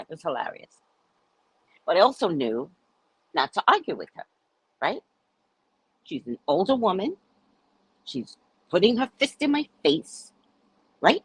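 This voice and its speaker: A woman's voice: on the low side, sing-song, moderate pace, long pauses, breathy edge, dry recording, rough recording. A woman from the United States hosting a casual livestream chat, telling stories in a loose, profane way and acting out the voices of the people she quotes. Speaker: livestream host.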